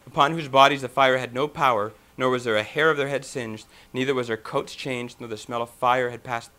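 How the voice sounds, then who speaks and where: A man preaching a sermon who reads scripture aloud and then explains it in his own words, sometimes loud and animated. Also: medium pitch, a little fast.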